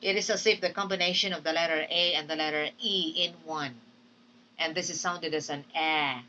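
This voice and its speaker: A woman's voice: low-pitched, steady tone, moderate pace, bright, forceful tone, distant mic, a little hiss or hum, poor audio. A woman with a Filipino accent, teaching English pronunciation in a patient classroom lecture, drilling words and repeating them. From Philippines.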